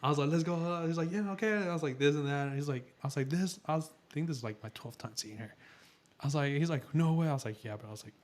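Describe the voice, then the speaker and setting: Profane, animated male podcast storyteller. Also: mid-range voice, very fast. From New York. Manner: profane, animated storytelling full of quoted dialogue. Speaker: podcast co-host. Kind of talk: casual chat.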